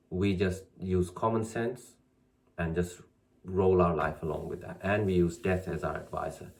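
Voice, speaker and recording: A man hosting a spiritual talk, encouraging listeners and repeating affirmations with growing emphasis. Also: on the low side. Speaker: channel host teaching spiritual practice.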